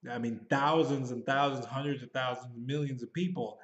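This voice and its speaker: A man in his thirties talks through a movie review off the cuff, rambling and rushing to fit it in. His voice sits at an ordinary middle pitch. The home recording sounds dull and lo-fi. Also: steady tone, a bit bright. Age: 30s. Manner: rambling, hurried, thinking aloud. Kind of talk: casual spoken movie review.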